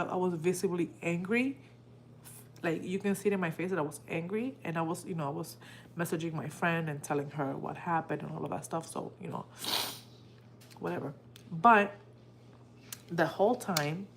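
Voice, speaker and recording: A woman tells a personal story on her live stream in a casual, heartfelt way. She acts out what others said in lively bursts. Her voice sits a bit low, with a faint steady hum in the background. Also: moderate pace. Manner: animated, emotional retelling that acts out quoted dialogue. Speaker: livestream host.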